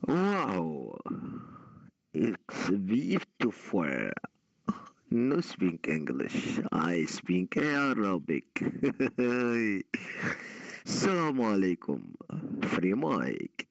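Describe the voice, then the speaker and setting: A man calling into a radio chat show, talking slowly in a drawl. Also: sits low, wildly swooping pitch, vocal fry, dry recording, lo-fi sound. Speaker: caller.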